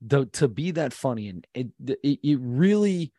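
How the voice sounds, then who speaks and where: A man in his thirties co-hosts a casual podcast, with a middle-pitched voice. He talks in an animated way and breaks into accent impressions now and then. The sound is dry and close to the mic. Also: normal speed, no echo. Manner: animated, mimics accents for laughs. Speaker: podcast co-host. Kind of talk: casual chat reviewing comedy.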